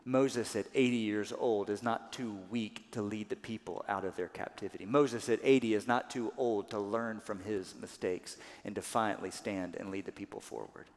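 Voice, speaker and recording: A man preaching a sermon as pastor, animated, often acting out quoted voices louder and higher. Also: moderate pace, few pauses. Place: church sanctuary. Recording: church sanctuary with long reverb.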